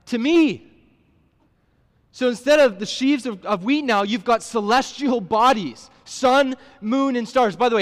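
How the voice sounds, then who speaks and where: High-voiced man preaching in a reverberant church. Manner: conversational, asks the listeners questions, restarts words. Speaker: pastor. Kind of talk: sermon. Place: church sanctuary. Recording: long hall reverb.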